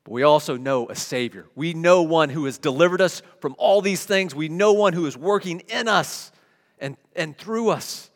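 Middle-aged pastor guy, high voice, preaching in a big echoey church, chatty then punchy. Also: moderate pace. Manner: conversational preaching, rising to emphatic declarations. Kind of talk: sermon. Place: church sanctuary. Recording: long hall reverb.

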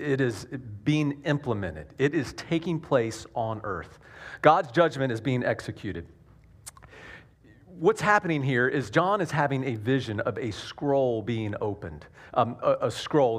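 A man with a Southern US accent preaching a sermon to his congregation, earnest and self-deprecating, with frequent restarts and dad jokes. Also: medium pitch. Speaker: pastor.

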